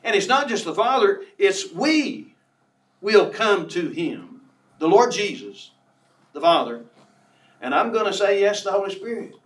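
A man preaching a sermon, emphatic, who reads scripture slowly and draws out key words. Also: high-pitched, very animated, fairly bright tone, recorded from a distance. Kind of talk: sermon on a Bible passage. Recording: echoey room from off the mic.

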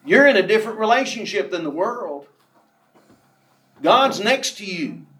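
A man preaching a sermon, emphatic, who reads scripture slowly and draws out key words. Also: sits high, sing-song, pushed and bright, recorded from a distance. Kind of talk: sermon on a Bible passage. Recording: echoey room from off the mic.

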